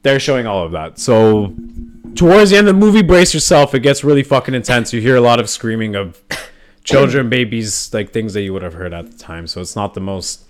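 A man's voice: mid-range voice, animated, a little fast. A man from Poland hosting a podcast in casual chat, rambling and swearing for emphasis. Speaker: podcast host.

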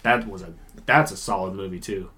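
Casting: male podcast co-host, casual studio banter, expressive, laughs easily. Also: low voice, brisk, background noise. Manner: animated, laughs often, trails off into mumbles. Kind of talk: casual chat.

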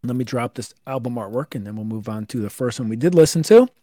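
A man's voice: mid-range voice, animated, fast talker, dark tone, dry recording. A young man co-hosting a podcast, chatting casually and profanely with lots of fillers while reading from notes. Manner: profane, rambling with many fillers. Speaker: podcast co-host.

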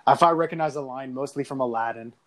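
A man's voice: mid-range voice, quick pace, fairly bright tone. A man chatting casually, rambling through stories, laughing often and slipping into impressions. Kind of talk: casual chat.

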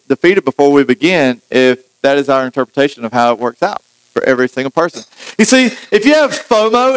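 A man preaching a sermon in a relaxed, conversational way, with jokey asides and frequent restarts. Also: high-pitched, low-quality recording. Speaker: pastor.

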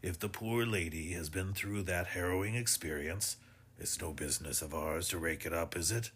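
A man voicing an old sea captain, uneasy and stiff, quick to grumble. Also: sits low, a bit bright, breathy edge. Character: old male sea captain, cautious and easily irritated.

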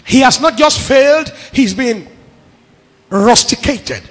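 A man's voice: extremely high pitch, animated, slow, slightly rough. A middle-aged man with a Nigerian accent preaching a sermon, emphatic, piling up repeated phrases. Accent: Nigerian English. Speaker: pastor. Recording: long echo of a large hall.

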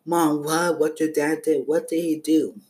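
Slow-reading man with a headset. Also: fairly high pitch, fairly even intonation, a little mellow. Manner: reads each message with the sender's name, breaks off to chat with listeners. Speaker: podcast host reading message stories. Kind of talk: casual reading of a text-message horror story. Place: at home with household noise around. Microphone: headset mic.

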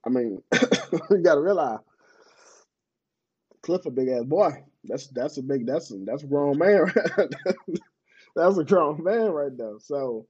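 A man with a Mississippi Southern accent chats casually as a guest, his voice mellow and husky. He talks loosely and profanely, often restarting and repeating phrases, and the recording sounds dull and lo-fi. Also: a little high, lively intonation, slow, long pauses. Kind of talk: casual conversation.

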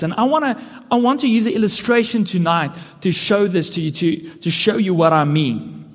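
A man's voice: high-pitched, moderate pace. A man preaching a sermon, earnest and building to emphatic questions. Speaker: pastor. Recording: long hall reverb.

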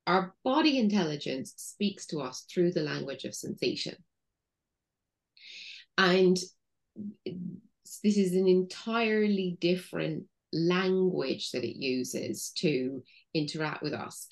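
Low-voiced woman explaining patiently. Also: very animated, gravelly. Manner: patient and explaining, with many "you know" fillers; guides listeners through a slow body-awareness exercise. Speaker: guest, intuition coach. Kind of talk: explanatory interview talk.

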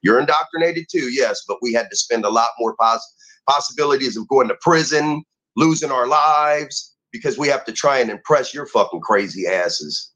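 A man's voice: mid-range voice, expressive, normal speed, a bit bright, low-quality recording. A man ranting heatedly and profanely as a guest on a talk show.

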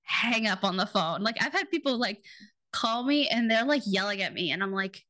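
A woman's voice: mid-range voice, lively intonation, a little fast, sharp tone. A woman hosting a podcast, chatty and enthusiastic, with many "like"s in her casual talk. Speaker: podcast host.

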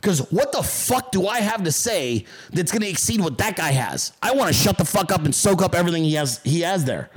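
A man with a high-pitched voice hosts a casual livestream. He talks in a blunt, combative way and swears freely. Now and then he mocks critics in exaggerated voices. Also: sing-song, brisk, few pauses, breathy edge. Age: adult. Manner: mocks callers in put-on voices. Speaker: podcast host.

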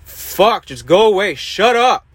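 A man's voice: mid-range voice, fairly even intonation, moderate pace, gravelly, no room sound, lightly acted. A man acting out a hostile male inner critic voice that taunts and swears at him. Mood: enraged. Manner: swearing, taunting, rising to a shout.

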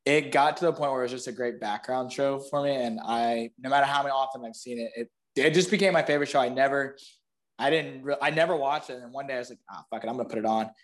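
A man chats as a podcast guest with an everyday, mid-pitched voice. His talk is loose and rambling, packed with "like" as he explains things on a close mic. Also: quick pace. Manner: rambling, heavy use of "like". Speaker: guest, physical therapist. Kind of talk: casual podcast chat.

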